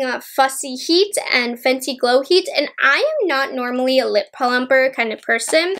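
A woman's voice: high voice, fairly bright tone. A young woman chatting casually to her viewers as a beauty vlogger, enthusiastic and direct. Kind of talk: casual product review vlog.

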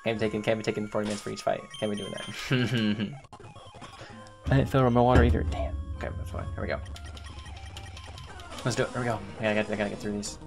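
A man's voice: on the low side, level tone, fast, vocal fry, music in the background. A man giving casual gameplay commentary, thinking aloud, repeating himself and talking to his game characters. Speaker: gaming YouTuber.

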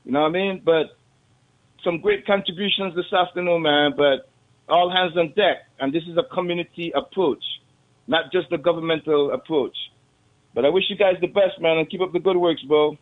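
A man's voice: on the high side, steady tone, fairly quick. A man calling a radio show, talking in an earnest, casual way. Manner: earnest, casual, keeps saying bro. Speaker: caller. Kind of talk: call-in radio chat. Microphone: phone line. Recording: tinny phone line.

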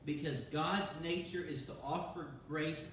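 A man, a pastor, giving a sermon in a lively, conversational way, often restarting his sentences. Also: on the high side, unhurried, a little hiss or hum. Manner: animated, conversational preaching with restarts. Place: church sanctuary. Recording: very echoey church from far off.

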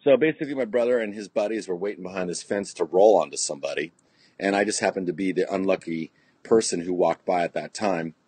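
Speaking at a quick pace, a middle-aged California man who plays punk tells laid-back stories as a podcast guest. His voice is fairly low, husky and a little mellow, and his talk is full of restarts, "you know"s and easygoing swearing. The studio audio is dry and close with no room sound.

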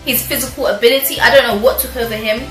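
A young woman telling a storytime on her vlog, animated and chatty, laughing often as she talks. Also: on the high side, quick pace. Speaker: vlogger. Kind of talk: casual storytime chat. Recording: roomy echo with faint music.

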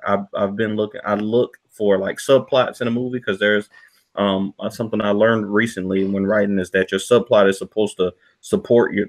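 A man giving a casual movie review, rambling with lots of "you know" fillers. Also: fairly low pitch. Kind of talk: casual podcast review chat.

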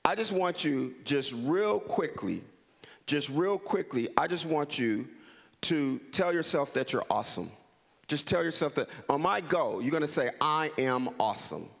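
A man's voice: a little high, lively intonation, measured pace, vocal fry, fairly bright tone. A middle-aged man from Los Angeles, a guest speaker giving an interactive talk to a community audience, leading them in call-and-response and repeating his prompts.

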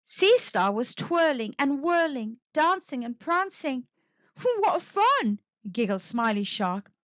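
Slow, lively high-voiced woman reading a picture book. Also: dry recording, lo-fi sound. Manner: lively sing-song storybook reading. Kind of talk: children's read-aloud narration.

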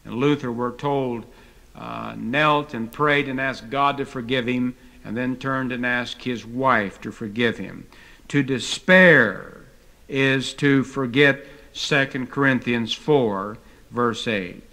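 Older guy teaching bible on tape, folksy stories, lots of uhs, takes it slow. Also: medium pitch, creaky, bright, forceful tone. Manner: folksy storytelling with hesitant fillers. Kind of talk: taped Bible lecture.

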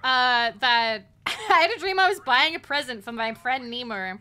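A young Australian woman streams a game and chats playfully with her viewers, giggling often. Her voice sits on the high side with lively intonation and a moderate pace, and its tone is bright, forceful, clear, and resonant.

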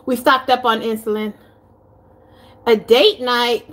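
A woman's voice: a little high, steady tone, slow pace, fairly bright tone. A woman with a Texan accent chatting casually in a home cooking vlog, rambling and giggling, cursing now and then. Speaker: vlogger. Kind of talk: casual chat. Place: home kitchen.

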